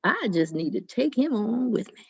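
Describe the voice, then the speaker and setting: A woman voicing a menacing but gullible male devil with a low whispery growl. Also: sing-song, moderate pace, vocal fry, slightly rough, no echo, muffled recording, exaggerated voice. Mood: scheming.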